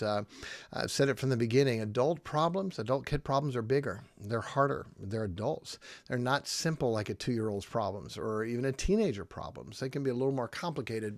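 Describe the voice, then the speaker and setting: A man's voice: medium pitch, no room sound. A middle-aged man, a pastor, giving casual podcast teaching in a conversational, emphatic way, often checking in with "okay?".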